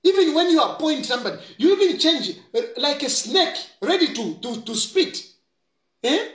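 A man's voice: extremely high pitch, very animated, moderate pace, fairly bright tone. A Zambian-accented man giving impassioned political commentary, scolding and repeating his points, switching between English and Bemba. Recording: roomy echo.

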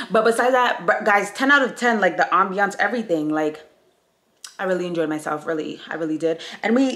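A young woman from Canada chatting casually to her own handheld camera as a vlogger, laid-back and full of filler words. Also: medium pitch. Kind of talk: casual vlog chat to camera.

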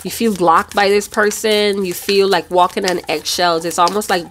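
A woman's voice: mid-range voice, steady tone, normal speed, a bit bright, slight background noise. A woman giving a casual tarot reading, chatty and loose, with casual swearing. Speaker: tarot reader.

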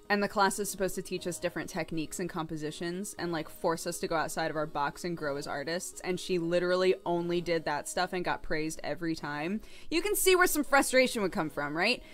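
Animated, foul-mouthed young woman streamer. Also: on the low side, a little fast, soft background music. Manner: animated, profane, laughing often. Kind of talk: casual storytelling.

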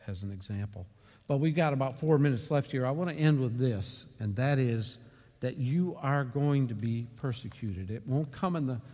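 A man's voice: mid-range voice, big-room sound. Man teaching a church Bible class. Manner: storytelling with sudden loud emphasis. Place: church meeting room.

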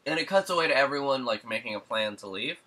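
Bright, animated man recapping a film. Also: mid-range voice, fast talker. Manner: rambling plot recap full of "like" and "um". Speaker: podcast co-host. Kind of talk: casual film recap chat.

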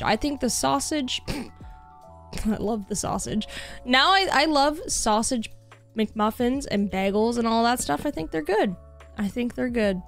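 While gaming on stream, a Canadian woman chats casually, reads her viewers' messages out loud and laughs readily. Her voice is a bit bright and on the high side.

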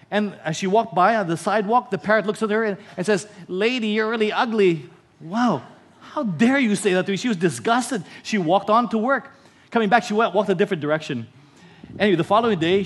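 A man with a Filipino accent preaching a sermon as pastor, telling stories and repeating key lines. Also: high-pitched.

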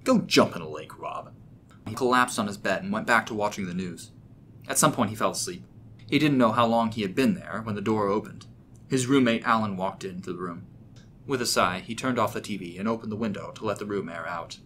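Male narrator for scripted horror, low pitch, crisp bright tone, steady delivery. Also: a little fast, a little hiss or hum.

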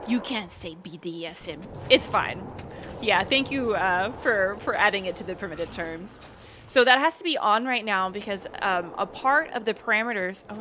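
A woman's voice: medium pitch, background noise. A woman streaming a game, chatting casually, giggling and greeting viewers in chat by name. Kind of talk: casual let's-play commentary.

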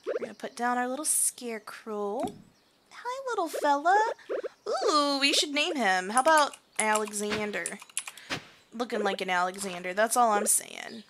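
A woman's voice: on the high side, expressive, moderate pace, background noise. Chatty self-mocking young woman gamer. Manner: chatty and self-mocking, sings and mutters to herself. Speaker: gaming streamer. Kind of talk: casual let's-play commentary.

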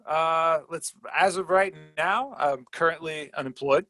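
A man's voice: a little high, unhurried, sharp tone, dry recording. A man appearing as a guest on a comedy podcast over a video call, easygoing and joking.

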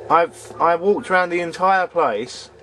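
A man's voice: a little high, fairly bright tone, slight background noise. Grumbling man commentating a game. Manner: grumbling, sarcastic, talks to the game characters. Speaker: let's play commentator. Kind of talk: casual gameplay commentary.

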